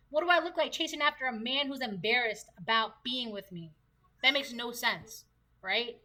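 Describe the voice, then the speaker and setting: High, bright-voiced chatty woman. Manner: chatty, laughs often, slangy asides. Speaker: tarot reader. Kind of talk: casual tarot reading to camera.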